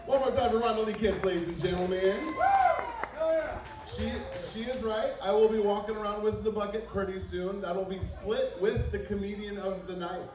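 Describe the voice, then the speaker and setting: A man's voice: high voice, steady tone, moderate pace. A man hosting an open mic comedy night, chatting loosely between acts. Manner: loose, chatty emcee patter. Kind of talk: emceeing a comedy show. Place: bar with live audience. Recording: echoey bar, far from the mic, crowd noise.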